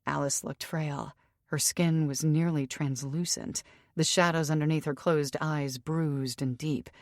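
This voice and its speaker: A woman narrating an audiobook with even, steady storytelling on a close studio mic. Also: sits low, unhurried, no room sound. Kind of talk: scripted narration.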